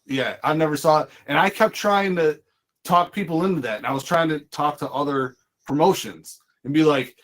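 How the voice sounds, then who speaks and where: A man's voice: fairly high pitch, moderate pace, fairly bright tone. A man hosting a casual podcast chat, rambling as he talks and acting out what other people said. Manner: rambling, restarts his sentences and acts out other people's lines. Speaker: podcast host.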